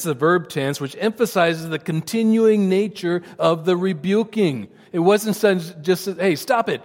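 A man preaching a sermon as pastor, earnest and animated, often repeating words as he explains. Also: sits high, big-room sound.

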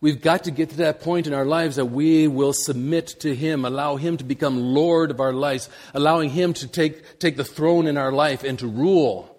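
A middle-aged man preaching, telling a personal story in a halting, animated way with many repeated words. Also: a little high. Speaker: missionary preacher.

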